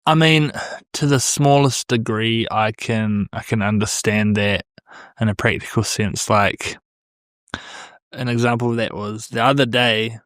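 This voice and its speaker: A man, hosting a podcast in relaxed, reflective casual chat with some swearing. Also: on the low side, unhurried, smooth, dry recording, studio quality. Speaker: podcast host.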